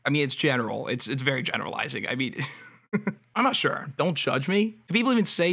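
A man's voice: medium pitch, sing-song, brisk, pushed and bright. A man streaming live, reading a book aloud and reacting casually with wry, mocking asides, frequent laughs and casual swearing. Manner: reads text aloud then comments with frequent "like" and "I mean".

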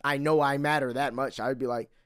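A man's voice: medium pitch, fairly even intonation, fast, a bit bright, clear, resonant tone, no room sound, studio quality. A man co-hosting a podcast, reacting with short interjections and asking questions in casual chat. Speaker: podcast co-host.

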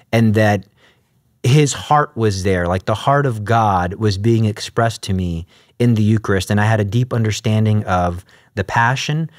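A man's voice: medium pitch, darkish tone, no room sound, studio quality. A man telling his faith story in a conversational interview, acting out his own past dialogue. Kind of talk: conversational testimony.

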